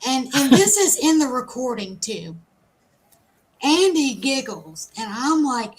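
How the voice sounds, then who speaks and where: A woman co-hosting a live stream, telling a self-mocking story in a casual, animated way. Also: high-pitched, slow pace, poor audio. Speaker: co-host.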